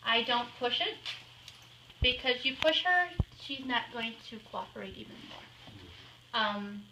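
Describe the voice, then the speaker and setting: A woman talking casually and patiently to a group of children in a home, pausing now and then to give short commands to her dog. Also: high voice. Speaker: guest speaker with a guide dog. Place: indoors in a home. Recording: roomy, distant home-video sound with faint noise.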